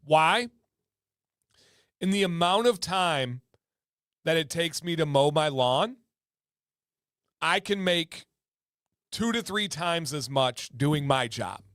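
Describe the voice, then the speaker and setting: A man's voice: on the high side, animated, slow, long pauses, fairly bright tone, no echo, clean studio sound. Emphatic man hosting a livestream. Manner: emphatic, repeats words for stress. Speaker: livestream host. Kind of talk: casual livestream chat.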